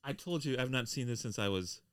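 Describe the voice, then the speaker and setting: A man's voice: mid-range voice, lively intonation, a little fast, fairly bright tone, clear, resonant tone. Dry teasing man podcast co-host. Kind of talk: casual comedic chat.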